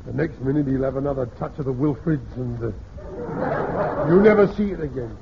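A man's voice: mid-range voice, brisk, heavy background noise, natural voice. An actor playing a blustering, scheming older father in a radio sitcom, pompous and hammy in his delivery. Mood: conspiratorial. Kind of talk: vintage radio sitcom acting. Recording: dull lo-fi vintage radio recording.

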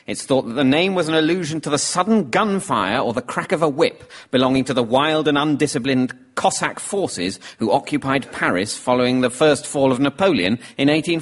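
A man hosting a comedy panel show, reading scripted facts and jokes with a dry, wry delivery. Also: fairly high pitch. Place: theatre stage with a live audience.

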